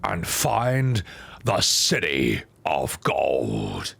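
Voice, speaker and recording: A man voicing a stately old two-headed lizard king in a deep, grave robot-hero style for a game. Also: huge pitch swings, vocal fry, a bit bright, slight background noise, full character voice. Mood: commanding. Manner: slow, grave pronouncements. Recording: faint game music behind. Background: faint game music.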